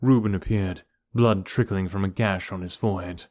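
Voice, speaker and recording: A man narrating an audiobook in a steady, measured storytelling voice. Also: deep voice, dry recording. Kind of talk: scripted narration.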